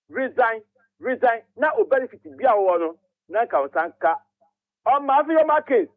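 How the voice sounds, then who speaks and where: A man's voice: very high voice, husky, dry recording. A man calling a radio show, urging voters to back a candidate and reeling off names. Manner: campaigning, appealing to voters, listing names. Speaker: caller. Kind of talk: political phone-in call. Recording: tinny phone line.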